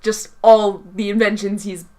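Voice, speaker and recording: A woman's voice: mid-range voice, level tone, a little slow, darkish tone. A young woman co-hosting a podcast in casual chat, teasing and laughing often. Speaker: podcast co-host.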